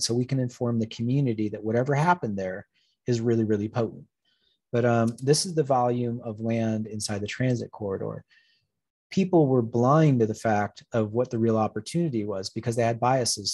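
A man presenting to a public audience as a planning consultant, walking through slides in a relaxed, plain-spoken way. His voice is dark and a little husky, and he leans on wry stories to make his points. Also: mid-range voice, dry recording, studio quality.

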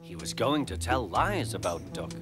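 A man narrating a children's cartoon story in a gentle, expressive way. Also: fairly low pitch, moderate pace. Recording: narration over music bed.

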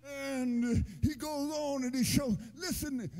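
A man pastor preaching a sermon in a church, with a chanting, sing-song delivery that rises to shouts. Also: extremely high pitch, fairly even intonation, slow pace. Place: church sanctuary.

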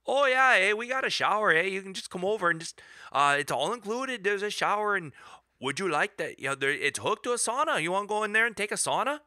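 A man's voice: high voice, expressive, fast talker, pushed and bright, no room sound, studio quality, voice pushed up, exaggerated voice. A man doing an eager small-town shopkeeper. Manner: eager, hospitable. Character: eager small-town male store owner.

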